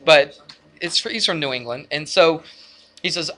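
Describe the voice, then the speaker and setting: A man teaching a math lesson to his class, lively and energetic, often asking the students questions. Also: on the high side, moderate pace. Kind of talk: classroom lecture.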